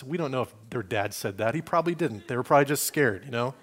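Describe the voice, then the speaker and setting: A man preaching to his congregation in a relaxed, talky way. His voice sits at an ordinary middle pitch. He often slips into little quoted voices and restarts his phrases as he thinks aloud. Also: fast. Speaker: pastor. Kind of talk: sermon.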